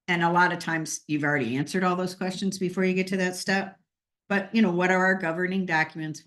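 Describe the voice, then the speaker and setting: A woman's voice: fairly low pitch, a bit bright. A woman hosting a casual team talk, chatty and joking, with frequent fillers. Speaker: host. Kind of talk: casual team meeting chat.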